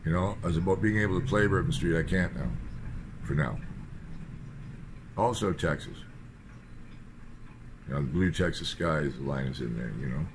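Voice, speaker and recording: A man's voice: very deep voice, moderate pace, pauses often, a little hiss or hum. A man from British Columbia giving a rambling, sardonic political monologue in loose fragments. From British Columbia, Canada. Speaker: political commentator.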